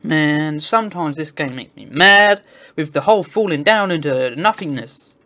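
A man's voice: fairly high pitch, lively intonation, normal speed, bright, forceful tone. Man muttering through a game. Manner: mutters to himself, swears, rants when frustrated. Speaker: gamer. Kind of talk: let's play commentary.

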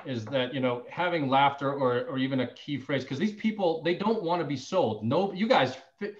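A man who sells insurance, sharing phone-call tips in a casual, animated way and acting out both sides of a call. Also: mid-range voice, normal speed. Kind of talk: casual sales training talk.

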